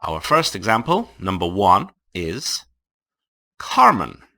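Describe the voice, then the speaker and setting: A man leads an online English lesson, reading each sentence slowly and deliberately for learners. His voice sits a little low but sounds bright, and his pitch rises and falls a lot. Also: huge pitch swings. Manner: slow, carefully enunciated classroom reading. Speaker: English teacher. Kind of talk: online lecture for language learners.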